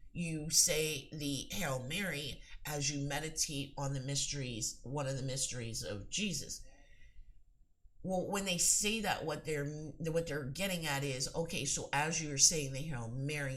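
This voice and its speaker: A woman's voice: low-pitched, a bit bright. Earnest woman giving spiritual advice. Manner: earnest, emphatic, rambling with restarts. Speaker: psychic and spiritual teacher.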